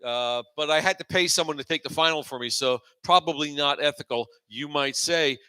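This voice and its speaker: A man in his forties fronting a live open-mic comedy night. His voice is bright and forward, set a little high for a man. He rambles loosely and lands dry, self-mocking punchlines. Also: fairly quick, smooth. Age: 40s. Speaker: host and stand-up comedian.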